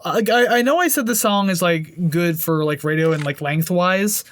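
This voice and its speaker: High-voiced man in casual podcast chat. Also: moderate pace, dry recording. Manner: rambling, filler-heavy, joking. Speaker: podcast co-host. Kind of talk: casual album review chat.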